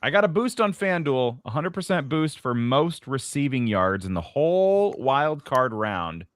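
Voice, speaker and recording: A man's voice: mid-range voice, very animated, a little slow, dry recording, studio quality. A man co-hosting a sports podcast, asking curious questions in casual chat. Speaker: podcast co-host.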